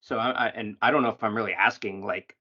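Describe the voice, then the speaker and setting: A man's voice: lowish voice, fairly even intonation, quick pace, pushed and bright. A man hosting a podcast, a parent himself, speaking in a reflective, slightly rambling way. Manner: thoughtful, reflective, a bit rambling. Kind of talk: casual interview chat. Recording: dull lo-fi audio.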